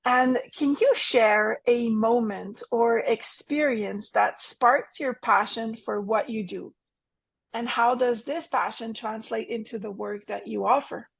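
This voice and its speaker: A woman hosts an interview in a somewhat high, husky voice. She introduces her guest and asks questions eagerly. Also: takes it slowly. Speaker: interview host. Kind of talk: hosting an interview.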